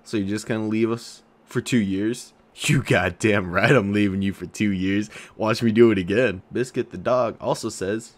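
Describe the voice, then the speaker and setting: A young man with a slightly low voice chats casually to his viewers, reading out comments. He jokes and teases crudely, dropping to mumbles and then bursting out loud. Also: unhurried. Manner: joking, crude, teasing, swings between mumbles and outbursts. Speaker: YouTuber.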